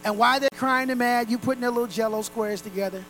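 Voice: mid-range voice, fast, fairly bright tone, slight background noise, low-quality recording. A pastor preaching a sermon to a congregation in a room, earnest and direct.

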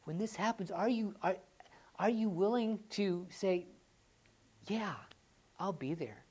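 A woman preaching a sermon in a church, moving between loud, excited rhetorical questions and quiet, earnest appeals. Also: medium pitch, takes it slowly, breathy edge.

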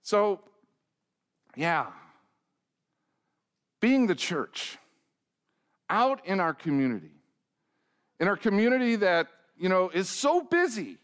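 A middle-aged man delivers a sermon in a somewhat high voice. He mixes a self-mocking personal story with direct questions to his listeners and acts out the dialogue as he goes. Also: very animated, slow, pauses often, smooth. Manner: asks the congregation direct questions. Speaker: pastor.

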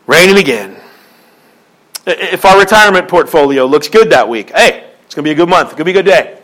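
A man's voice: on the high side, animated, fast, a bit bright, low-quality recording. A man pastor preaching a sermon with repeated phrases and rising emphasis, acting out quoted voices in a joke.

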